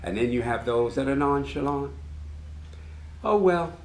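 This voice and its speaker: A man, a tailor co-hosting a casual chat from his sewing studio, talking in an earnest, reflective way that often drops soft and low. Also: steady tone, a little fast. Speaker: tailor and co-host. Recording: roomy studio with faint hiss.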